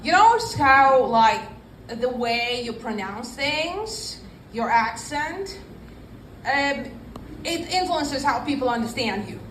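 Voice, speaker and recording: A woman's voice: sits high, lively intonation, a bit bright, slight background noise. Female stand-up comic, 40s, Russian accent, dry pacing; recorded in a roomy space off-mic. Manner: dry, unhurried delivery with pauses. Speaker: stand-up comedian. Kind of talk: stand-up set. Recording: echoey room, voice a bit far from the mic.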